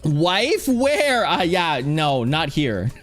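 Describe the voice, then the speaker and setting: A playful male streamer rambles through a casual livestream chat in a slightly high voice, reading chat aloud and bursting into excited shouts. Faint music plays softly behind him. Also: extremely slow. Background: faint background music.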